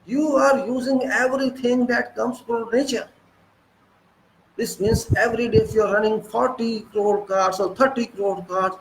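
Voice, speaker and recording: A man's voice: high-pitched, reverberant, a little hiss or hum, poor audio. A man in his sixties with an Indian English accent, giving an earnest moralizing lecture full of repetition and rhetorical questions. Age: 60s.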